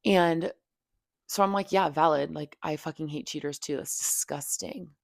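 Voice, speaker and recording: Young female podcast host, low gravelly voice, candid and profane, dry close mic. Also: moderate pace, dry recording. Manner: heavy "like" fillers, profane, venting. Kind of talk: candid personal storytelling.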